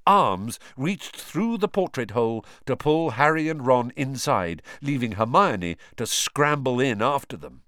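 Expressive male storybook narrator. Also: medium pitch, a little slow, few pauses, no room sound, clean studio sound. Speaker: audiobook narrator. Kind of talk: scripted narration.

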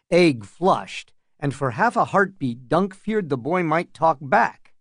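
Slow, measured male narrator. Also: fairly high pitch, no room sound, clean studio sound. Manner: calm, measured storytelling. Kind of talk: scripted audiobook narration.

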